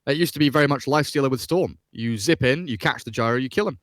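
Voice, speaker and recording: A man casting an esports match, calmly breaking down the picks and strategy at length in casual commentary. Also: mid-range voice, fast, dry recording. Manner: analytical, explains drafts at length. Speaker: esports caster.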